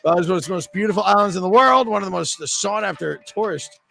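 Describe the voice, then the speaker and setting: A man's voice: sits high, fast talker, vocal fry, bright, forceful tone, faint music behind. A man with a New England accent hosting bar trivia, joking and chatty as he reads questions and scores. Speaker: trivia host.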